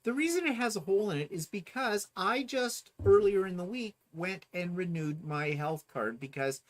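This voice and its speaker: A man's voice: sits high, expressive, moderate pace. A man co-hosting a casual chat, animatedly telling a story and mimicking other people. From Ontario, Canada. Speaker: co-host.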